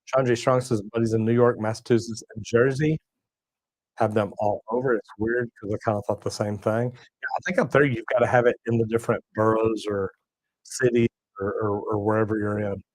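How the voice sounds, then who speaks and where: A man's voice: on the low side, steady tone, brisk, dry recording, rough recording. A middle-aged man, hosting a casual livestream and reading chat messages in a folksy, drawling way. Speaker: plumbing channel host reading live chat.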